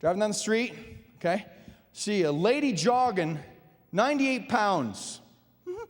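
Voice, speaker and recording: A man doing a stand-up comedy set on a theater stage, landing wry deadpan punchlines. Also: high-pitched, a little slow. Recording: live hall reverb, faint ambience.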